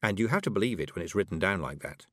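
A man narrating an audiobook in an expressive, measured storytelling manner. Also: low voice, no echo, studio quality.

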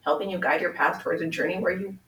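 A woman's voice: on the low side, steady tone, fast talker, a bit bright, distant mic, slight background noise. A young woman from Washington State, a podcast guest speaking earnestly and from the heart, with lots of "like" fillers. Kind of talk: candid conversation. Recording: roomy sound, a bit off-mic.

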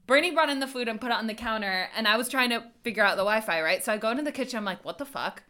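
A woman's voice: on the high side, very fast, pushed and bright. A young woman co-hosting a podcast, telling stories in casual chat, laughing often and swearing freely. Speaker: podcast co-host.

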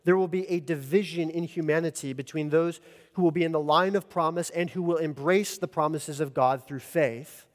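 A man's voice: a little high, normal speed. A man preaching an earnest expository sermon as pastor, rising in emphasis at key points. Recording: long church reverb.

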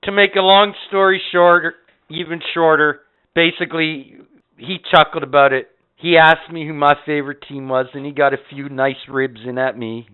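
A man's voice: fairly high pitch, flat delivery, normal speed, clean tone. A man telling rambling, profane stories as a podcast co-host in casual chat. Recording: tinny phone-like audio.

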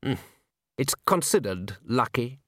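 A man's voice: medium pitch, sing-song, no echo, studio quality. Man doing a snooty, long-suffering music director. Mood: superior. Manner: superior, drawn-out. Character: snooty male music director, pained patience.

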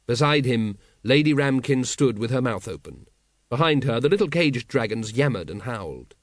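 A man narrating a comic fantasy audiobook in a wry, expressive storytelling manner. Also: medium pitch, unhurried, dry recording, clean studio sound. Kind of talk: scripted narration.

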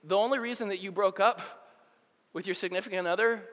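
Wysoki głos młodego pastora w pogłosie sali. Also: male voice, sits high, a little fast, fairly bright tone. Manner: casual, conversational preaching with fillers. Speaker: youth pastor. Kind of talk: sermon. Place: church worship hall. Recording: long hall reverb.

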